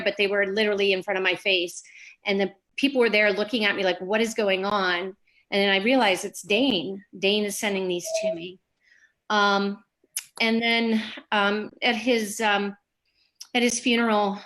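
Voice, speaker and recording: A middle-aged woman telling a personal story in a halting way, with many pauses and fillers. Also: medium pitch, a bit bright, poor audio. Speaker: bereaved mother sharing her story.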